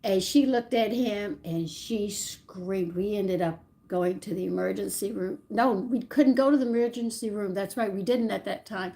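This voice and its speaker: An older woman recounts her childhood at an unhurried storytelling pace. She rambles and doubles back to fix details, and her voice swings from low, hushed asides up to high, excited bursts. Her pitch sits in a typical middle range for a woman. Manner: rambling, animated, corrects herself mid-story. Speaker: channel host. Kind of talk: personal storytelling.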